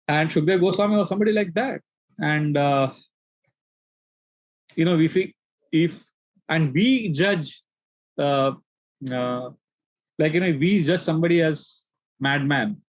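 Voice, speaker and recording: A man's voice: fairly high pitch, measured pace, long pauses, dry recording, low-quality recording. Man telling a story in a discourse. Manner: animated storytelling, acts out quoted voices. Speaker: spiritual teacher.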